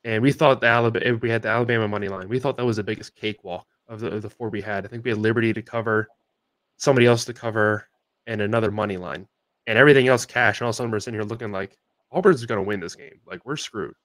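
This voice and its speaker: A man's voice: on the low side, steady tone, rapid-fire, fairly bright tone, no echo. A young man co-hosting a sports podcast, telling a long story in a casual, rambling way with many fillers and restarts. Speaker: podcast co-host.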